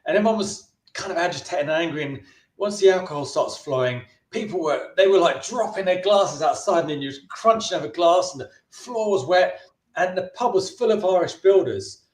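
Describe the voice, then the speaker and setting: A man's voice: high voice, animated, a little fast, reverberant. A filmmaker being interviewed, a man telling a long anecdote casually, often restarting his sentences and briefly mimicking the people in his story. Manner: chatty, with frequent restarts and brief put-on voices for the people in his stories.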